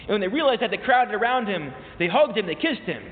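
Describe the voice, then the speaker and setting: A high-voiced man delivering an impassioned sermon, his voice climbing on questions he repeats again and again. The sound is tinny and thin, like a phone line, and it rings with a long reverb from a large hall. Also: sing-song, fast talker. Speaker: rabbi. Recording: tinny, echoey hall recording.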